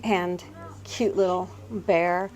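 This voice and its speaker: A woman's voice: fairly low pitch, steady tone, extremely slow, a little mellow. A middle-aged woman hosting a casual tour of antique and thrift shops, pointing out items with fond admiration. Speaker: host touring antique shops. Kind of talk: casual walking shop tour.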